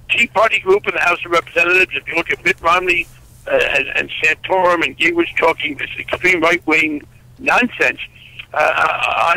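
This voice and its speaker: A man's voice: a little high, sharp tone, dry recording, poor audio. A man in his seventies, a congressman being interviewed over the phone, blunt and wry, with emphatic restarts. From United States.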